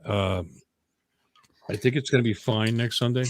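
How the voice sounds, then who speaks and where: A man's voice: medium pitch, fairly even intonation, moderate pace, a little hiss or hum. A man hosting a casual livestream chat from home, rambling and joking, often stopping himself mid-sentence. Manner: rambling, jokey, self-interrupting. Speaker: host.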